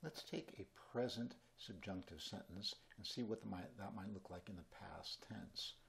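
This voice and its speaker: A man teaching a Spanish grammar lesson in at a whiteboard, explaining in a relaxed, chatty way with small asides. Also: on the low side, normal speed, creaky, slightly rough.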